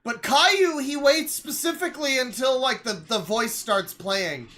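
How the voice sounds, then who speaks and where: A man's voice: extremely high pitch, animated, measured pace, pushed and bright. A man streaming live, reacting to videos with sarcastic, exasperated, profane rants.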